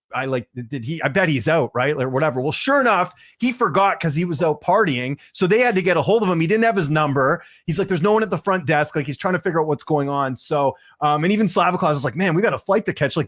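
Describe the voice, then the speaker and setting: A man's voice: on the high side, dry recording, clean studio sound. A man from Canada, a guest commentator, telling a rambling story in casual podcast chat with lots of fillers. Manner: animated, fast rambling storyteller with many fillers.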